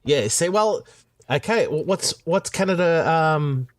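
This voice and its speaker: Jokey Australian man, bright lively voice. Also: on the high side, unhurried, no room sound, studio quality. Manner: jokey, rambling, crude slang, many restarts. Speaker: podcast guest. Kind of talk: casual chat.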